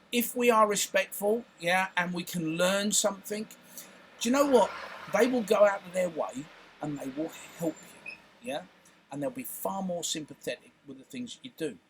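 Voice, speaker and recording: Middle-aged male vlogger, fairly high voice, chatty and playful, keeps checking in with the viewer. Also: husky. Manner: chatty, tag questions like "yeah?", playful. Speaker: content creator and filmmaker. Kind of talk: casual talk to camera.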